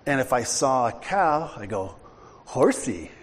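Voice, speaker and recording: Lively-voiced man preaching in a reverberant hall. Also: mid-range voice, normal speed. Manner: conversational storytelling, joking with congregation. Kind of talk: sermon.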